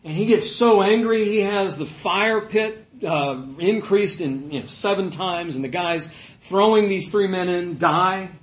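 A man's voice: high voice, a little slow, roomy sound, rough recording. A male pastor preaching a sermon in a conversational way, rising to emphatic peaks.

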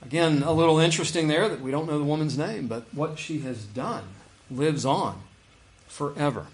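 A man's voice: a little high, moderate pace. A man preaching a sermon in a conversational way, reading scripture aloud with emphasis. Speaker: pastor.

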